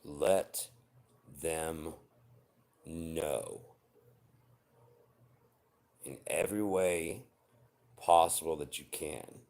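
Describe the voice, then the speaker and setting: A man's voice: rumbling low, steady tone, very slow, long pauses, darkish tone. A man in his forties giving blunt, profane, earnest relationship advice in an unscripted personal monologue. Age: 40s. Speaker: vlogger.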